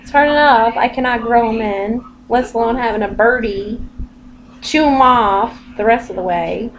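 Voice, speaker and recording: A woman's voice: on the high side, moderate pace, slight background noise, poor audio. A middle-aged woman at home, laughing and cooing baby talk to her pet bird in a casual home video.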